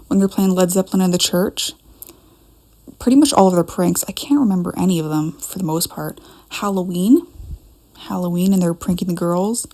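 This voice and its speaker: Young woman, gravelly and mellow, casual rambling vlog at home to camera, scattered and self-talking. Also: mid-range voice. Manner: chatty, scattered, talks to herself. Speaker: fan fiction vlogger. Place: dim room at home.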